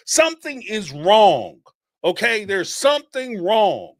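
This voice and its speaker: A man's voice: high-pitched, big pitch swings, measured pace, no room sound, clean studio sound. A man hosting a reality TV commentary show, talking bluntly, swearing freely and laughing as he mocks what others said. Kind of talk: casual commentary monologue.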